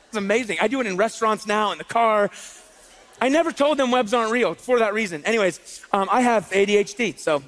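A man in his thirties preaches in a relaxed, animated style, telling stories and tossing rhetorical questions at his congregation. His voice sits unusually high for a man. A long reverb trails off it, as in a large church hall. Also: fairly quick. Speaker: pastor. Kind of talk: sermon with casual storytelling.

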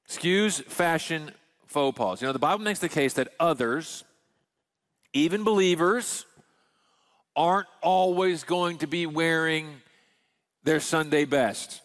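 A man's voice: fairly high pitch, measured pace, long pauses, a bit bright, big-room sound. A man in his thirties, a pastor preaching a sermon in a candid, conversational way with folksy asides.

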